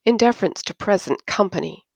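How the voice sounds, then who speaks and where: A woman reading aloud and voicing Erno, a smooth male pilot who sounds dry and patronizing. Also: medium pitch, expressive, brisk, no echo.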